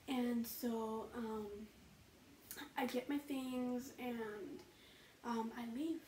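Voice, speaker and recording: A young woman with a slightly high voice tells a personal story in a casual, chatty way, peppering it with "you know," "like," and the odd curse. She sits a little back from the mic in a roomy, echoey space, with faint ambient noise behind her. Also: steady tone, slow, dark tone, distant mic. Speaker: vlogger.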